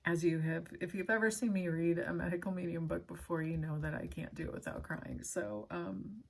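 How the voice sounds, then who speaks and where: Breathy, earnest woman reading aloud. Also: fairly low pitch. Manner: earnest and emotional, pausing often to apologize. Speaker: channel host reading a book aloud. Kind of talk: casual reading aloud with personal asides.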